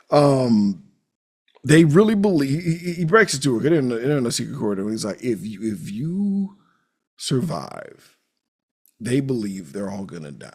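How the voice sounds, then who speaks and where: A man's voice: medium pitch, big pitch swings, a little slow, long pauses, husky. A man co-hosting a podcast, recapping a film in casual, profane chat and acting out the characters' lines with big jumps in his voice. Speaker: podcast co-host.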